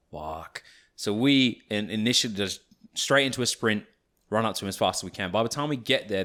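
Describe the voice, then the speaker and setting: A young Australian man hosting a podcast, telling a story in casual chat. He swears freely and fills his talk with "like". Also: deep voice. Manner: animated anecdote-telling, swears often, many "like" fillers. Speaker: podcast host.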